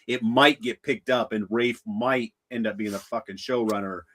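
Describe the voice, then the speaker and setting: A man's voice: on the low side, fairly even intonation, moderate pace, a bit bright. A man co-hosting a casual live watch-along chat, laid-back, laughing easily and swearing casually. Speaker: podcast co-host.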